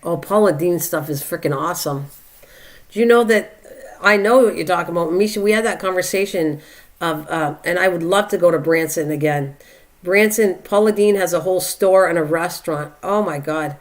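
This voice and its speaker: A woman's voice: on the low side, normal speed. An older woman hosting a live stream in a casual, rambling way, reading out viewer comments and chatting back to them. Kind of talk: casual chat.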